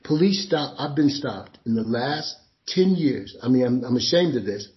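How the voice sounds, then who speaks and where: A man's voice: mid-range voice, expressive, normal speed. Emphatic storytelling man, dull recording. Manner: emphatic storyteller, acts out scenes. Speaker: interview guest. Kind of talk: conversational interview.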